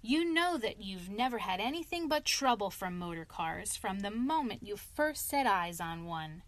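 A woman's voice: on the high side, animated, a little slow, a bit bright. A woman voicing a sensible male water rat who lectures his friend earnestly in a storybook reading. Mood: scolding.

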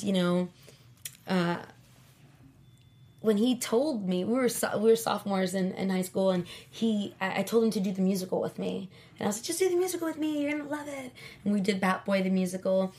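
A chatty woman in her thirties, talking as an interview guest. She tells her story with lots of fillers, and her voice jumps up high and loud whenever she acts out what someone said. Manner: chatty storyteller, acts out quoted lines in high animated bursts. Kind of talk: casual interview chat.

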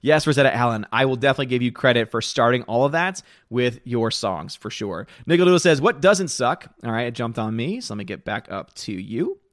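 A man's voice: mid-range voice, lively intonation, brisk, hardly any pauses, no room sound, studio quality. A man hosting a movie channel livestream, casually reading out viewer comments and giving opinionated, rambling answers from his room at home. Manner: opinionated, rambling, repeats words.

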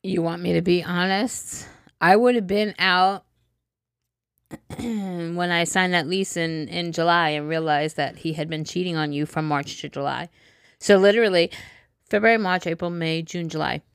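A woman's voice: normal speed, clean tone, dry recording, clean studio sound. Emphatic woman giving blunt podcast advice. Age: adult, a mother. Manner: emphatic, drops low and quiet to drive points home. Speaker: podcast co-host. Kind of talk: casual advice chat.

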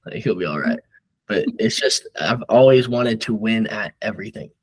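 Rambling young man, low voice. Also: lively intonation, normal speed, breathy edge, poor audio. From Nebraska. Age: young adult. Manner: rambling, filler-heavy storytelling. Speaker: guest wrestler. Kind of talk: casual podcast chat.

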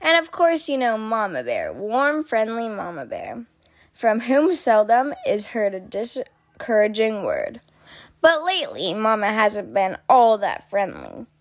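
A woman reading a children's picture book aloud in an expressive, sing-song storytelling manner. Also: a little high, no room sound. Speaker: storybook reader.

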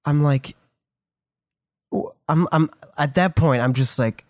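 A man's voice: medium pitch, measured pace, pauses often, dry recording, studio quality. A man co-hosting a podcast, telling a story in casual chat, swearing constantly and acting out what people said. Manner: heavy swearing, excited retelling, acts out quotes. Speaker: podcast co-host.

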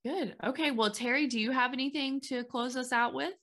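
A bubbly woman hosting a podcast call, her voice bright and a little sharp. She talks with eager enthusiasm and steers the conversation along. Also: sits high, brisk. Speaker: podcast host. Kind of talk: casual chat.

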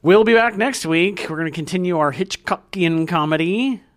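A man in his forties co-hosting a podcast, chatting casually about a movie in an animated way, laughing and chiming in with agreement. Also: high voice, moderate pace. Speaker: podcast co-host. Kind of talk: casual movie review chat.

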